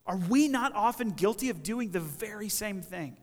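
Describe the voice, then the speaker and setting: Male preacher, high voice, animated sermon delivery, acts out the people in the story, long hall reverb. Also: moderate pace, few pauses.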